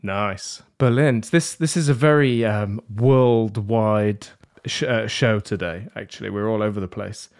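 A man's voice: on the low side, unhurried, darkish tone. A man hosting a podcast panel, joking and rambling in a self-deprecating way. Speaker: podcast host. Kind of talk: casual panel chat. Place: London.

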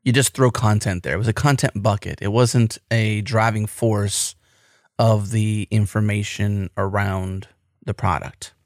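A man's voice: on the low side, steady tone, measured pace, no room sound, studio quality. A man with an American accent hosting a podcast, talking in an enthusiastic, rambling way. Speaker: podcast host. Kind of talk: casual podcast chat.

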